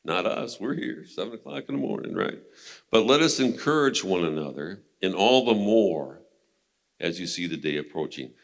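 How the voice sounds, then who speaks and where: A man's voice: low voice, expressive, normal speed, gravelly. A man teaching a men's Bible study in a casual, conversational way, retelling scripture stories and laughing now and then.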